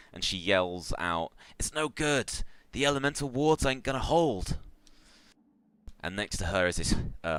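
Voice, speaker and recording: Very deep-voiced man narrating as game master. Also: clear, resonant tone, no echo. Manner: relaxed, loose, many fillers.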